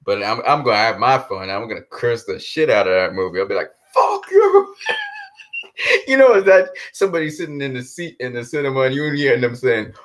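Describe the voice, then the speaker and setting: A man vlogging a casual solo monologue about movies, animated and jokey, spinning exaggerated comic rants. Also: medium pitch, fast, few pauses. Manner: animated and jokey, often breaking into laughter.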